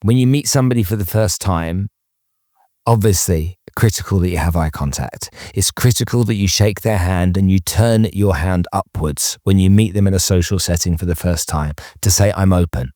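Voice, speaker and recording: A man's voice: sits low, normal speed, warm tone, no echo, clean studio sound. A man hosting an interview podcast, talking emphatically with many restarts and checking in with "okay?". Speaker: podcast host. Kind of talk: casual interview chat.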